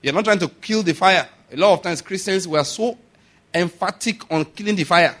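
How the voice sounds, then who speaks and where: A Nigerian-accented male preacher delivers a sermon in a slightly raised voice. He is animated, laughs often and keeps checking in with his congregation through rhetorical questions. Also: high-pitched, normal speed.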